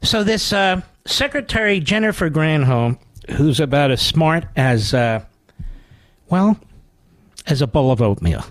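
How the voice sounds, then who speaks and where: A man's voice: fairly high pitch, expressive, measured pace, no room sound. A man hosting a radio talk show, delivering a sarcastic, mocking monologue full of rhetorical asides into a studio microphone.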